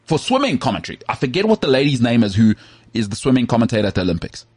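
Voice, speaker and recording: A man from South Africa co-hosting a podcast, telling rambling, animated stories in casual chat. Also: mid-range voice, very fast, slightly rough, dry recording. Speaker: podcast co-host. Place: Cape Town.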